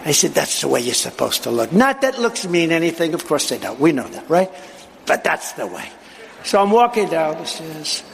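Gravelly man telling a rambling story. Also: a little high, a little hiss or hum. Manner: boastful, digressive storyteller acting out quoted dialogue. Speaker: political speaker at a live event. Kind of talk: rambling anecdotal speech.

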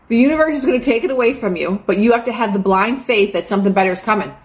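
A woman's voice: fairly high pitch, very fast. A young adult woman giving an earnest, chatty motivational talk, full of fillers like "like". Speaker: host.

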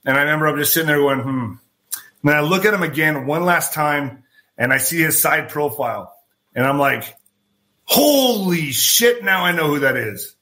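Animated, bright-voiced male podcast storyteller. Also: a little high, brisk. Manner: animated, swears freely, acts out quoted dialogue. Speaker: podcast host. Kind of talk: casual anecdotal storytelling.

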